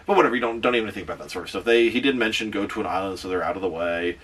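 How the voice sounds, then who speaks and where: A man casually recapping a movie as a reviewer, animated, with quick asides. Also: on the low side, far from the mic.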